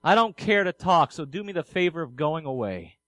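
A preacher acting out a sullen young man on death row, brushing off every visitor in a high, bright voice. The sound is close and dry, with no room around it. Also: animated, moderate pace, no room sound. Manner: curt, dismissive, then despairing.

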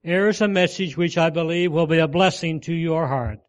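A man voicing a kindly doctor in a sermon story, speaking gently and assuredly. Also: on the high side, moderate pace, natural voice. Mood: gentle. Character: kindly male Christian doctor.

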